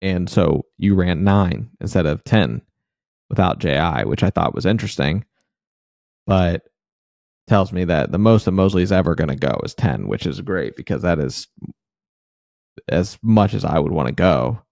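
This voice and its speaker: A low, gravelly male voice speaks at a moderate pace, recorded with studio quality and no echo. He co-hosts a casual sports podcast, steadily and analytically breaking down rotations while showing annoyance as he pushes back on critics.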